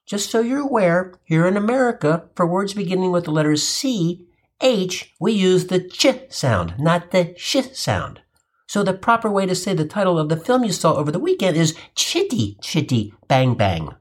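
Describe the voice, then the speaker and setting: A man's voice: high-pitched, expressive. A man doing a prim stern schoolteacher. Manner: measured, corrective, over-enunciated.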